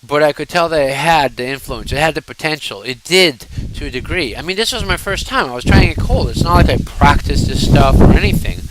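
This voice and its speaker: A man telling personal stories casually to camera, animated and digressive, often turning to address his viewers directly. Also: fairly high pitch, a little fast, hardly any pauses, background noise. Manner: fidgety while talking. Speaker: storyteller.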